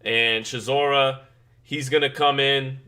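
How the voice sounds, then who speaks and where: Bright-voiced man hosting a live boxing stream. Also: medium pitch, fairly even intonation, measured pace, clean tone. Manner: chatty, greets chat members, frequent restarts. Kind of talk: casual live-stream commentary.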